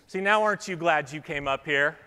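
Preaching from a church stage, this pastor jokes around with children before reading scripture and reflecting, in a sermon built around an object lesson. He speaks a little fast in a fairly high voice that's bright, smooth and forceful. The sound carries a long reverb from the hall.

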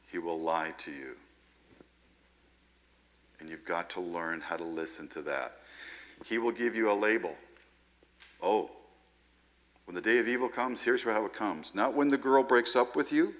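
A man preaching a sermon in a lively, conversational way, often checking in with "right?". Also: sits low.

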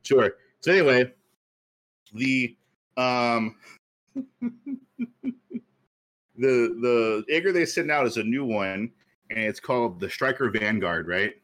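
A man hosting a podcast, pitching a story in casual chat, rambling and laughing at himself. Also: animated, slow pace, long pauses, a bit bright. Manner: rambling, many fillers and self-amused laughs. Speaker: podcast host pitching a movie idea.

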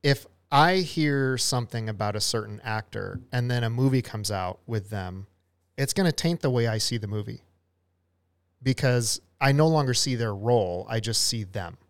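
Male co-host, mid-pitched, self-deprecating rambler, dry booth sound. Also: animated, moderate pace, clean tone, dry recording. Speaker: podcast co-host. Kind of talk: casual chat.

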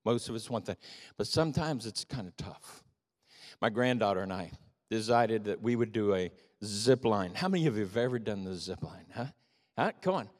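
An older man preaching a sermon as pastor, telling stories with animated emphasis. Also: on the low side, moderate pace. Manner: animated storytelling, rising to emphatic peaks. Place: church sanctuary. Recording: long reverb of a church hall.

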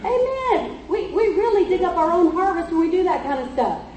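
Heard distantly in an echoey church with faint noise and lo-fi sound, a woman preacher tells a story emphatically in her sermon. Her voice is high and darkish, and she talks fast and expressively.

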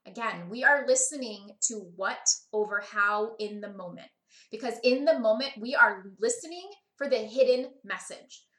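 Podcast host, woman: high, bright voice, chatty teaching tone, echoey room. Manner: lively, checks in with listeners often.

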